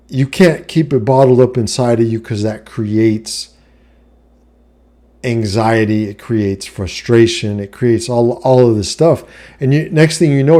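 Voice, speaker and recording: A man's voice: medium pitch, mellow. A middle-aged man talking bluntly to camera about his life, swearing often and asking "you know what I mean" after nearly every point. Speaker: vlogger giving life advice. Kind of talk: casual monologue to camera.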